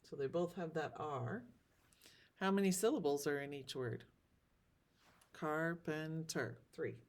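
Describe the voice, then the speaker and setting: A woman teacher giving a recorded lesson, sounding out words slowly and carefully. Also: sits low, expressive, darkish tone. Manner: slow, drawn-out word sounding.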